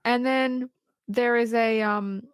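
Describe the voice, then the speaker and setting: A woman's voice: a little high, fairly even intonation, slow pace, clean tone, dry recording, studio quality. A woman co-hosting a podcast, retelling a film scene by scene in casual chat, swearing and laughing often. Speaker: podcast co-host.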